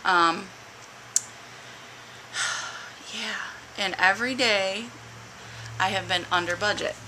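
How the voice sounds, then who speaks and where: A woman's voice: mid-range voice, slow, pushed and bright, slight background noise, poor audio. A woman talking casually into her camera for a weight-loss video diary, upbeat and chatty, poking fun at herself. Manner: chatty, upbeat, self-mocking. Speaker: vlogger.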